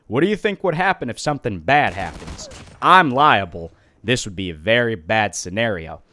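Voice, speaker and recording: A man's voice: on the low side, big pitch swings, normal speed, sharp tone, pitched below the performer's own voice. A man voicing a stern, irritated male sand mine owner who lectures and threatens.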